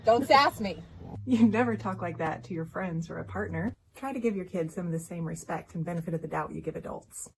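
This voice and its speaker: A woman acting out a comic parenting skit, gently scolding in a mock-parental tone. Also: fairly low pitch, a little fast, creaky, a little hiss or hum, low-quality recording. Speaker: parenting content creator. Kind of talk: comedic role-reversal skit.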